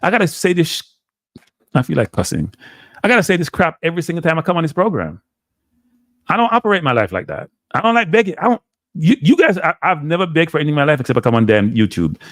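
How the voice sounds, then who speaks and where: A man's voice: fairly high pitch, very animated, fast, fairly bright tone, no room sound. Rambling Jamaican man hosting a live stream. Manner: rambling and exasperated, slipping into patois. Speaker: live show host. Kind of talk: casual live-stream rant to chat.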